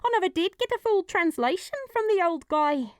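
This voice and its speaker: A woman voicing a high, feisty young heroine. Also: expressive, dry recording, clean studio sound. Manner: brash, quick and outspoken. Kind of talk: audiobook character voice.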